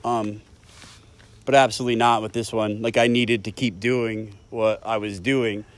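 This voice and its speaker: A man's voice: lowish voice, little pitch movement, normal speed. A man in his thirties giving a candid, emotional personal share at a recovery meeting, swearing often as he speaks. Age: 30s. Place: meeting room.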